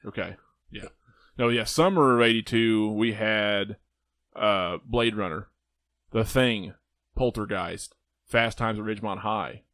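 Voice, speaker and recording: A man's voice: fairly low pitch, measured pace, a bit bright, dry recording, clean studio sound. A young man hosting a casual movie podcast, joking and rambling with friends, laughing often. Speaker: podcast host. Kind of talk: casual chat.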